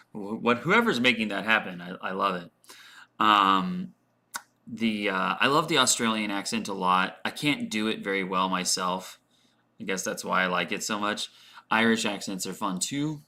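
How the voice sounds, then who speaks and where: A man hosts a casual English lesson livestream, answering viewers' questions as they come in. He thinks aloud, often restarting and filling pauses with "um" and "uh". His voice is slightly low yet bright and forward. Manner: frequent fillers and repeated words. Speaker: English teacher.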